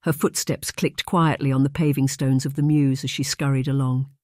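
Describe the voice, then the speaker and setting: An audiobook narrator reading a romance novel in a steady, measured storytelling manner. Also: mid-range voice, no room sound, clean studio sound. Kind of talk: scripted narration.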